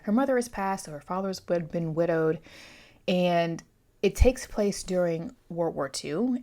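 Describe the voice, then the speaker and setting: Young woman book vlogger, lowish voice, chatty and rambling, off-the-cuff. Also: darkish tone. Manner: chatty, rambling, self-correcting. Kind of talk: casual chat.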